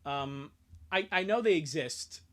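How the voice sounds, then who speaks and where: A woman hosts a live fan-fiction reading and chats between the lines, laughing and swearing in an easy way. Her pitch moves around a lot as she jokes with viewers. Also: expressive, unhurried, fairly bright tone. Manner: laughs often, swears casually. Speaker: host reading a fan story aloud. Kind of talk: casual live commentary.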